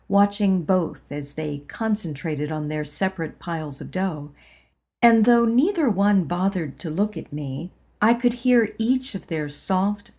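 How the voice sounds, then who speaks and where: Woman, memoir audiobook narration, calm measured reading, breathy. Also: fairly low pitch. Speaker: audiobook reader.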